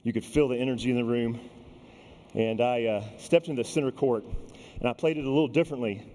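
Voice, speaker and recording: A man at a conference lectern tells stories in a lively, personal keynote and slips into the voices of the people he quotes. His voice sits at an ordinary middle pitch. A long hall reverb trails each phrase. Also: fast talker. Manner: animated, addresses the audience directly and acts out quoted people. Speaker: keynote speaker. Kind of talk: storytelling keynote speech.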